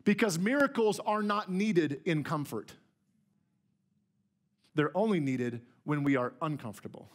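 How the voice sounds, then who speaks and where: Man, pastor, sermon, high voice, emphatic, chatty, church. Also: expressive, unhurried, long pauses. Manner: conversational, emphatic, repeats words when starting a phrase. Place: church sanctuary.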